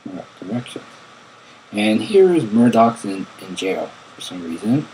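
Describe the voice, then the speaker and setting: A man reads an interview aloud in a low, unhurried voice, tripping over and repeating words as he goes. His tone is dark and mellow, with faint noise behind him. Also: sing-song, slightly rough, poor audio. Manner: stumbling, repeats words while reading. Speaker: fan reading an interview aloud. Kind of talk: halting read-aloud narration.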